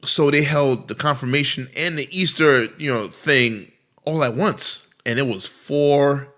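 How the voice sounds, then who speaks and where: A man's voice: medium pitch, unhurried, pushed and bright. A man co-hosting a podcast in casual chat, blunt and profane as he tells a story. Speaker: podcast co-host.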